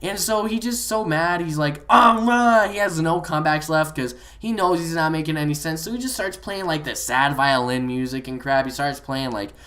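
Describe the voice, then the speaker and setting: A young man telling a gaming story in a casual, excited, rambling way, full of fillers. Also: on the high side, moderate pace, hardly any pauses. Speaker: gaming vlogger.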